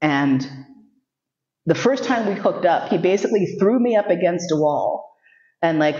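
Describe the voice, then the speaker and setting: A woman's voice: fairly low pitch, normal speed, warm tone. A woman in her fifties from New York City, telling candid, humorous stories as a sexuality educator and acting out the voices she quotes. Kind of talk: storytelling lecture. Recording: muffled roomy recording.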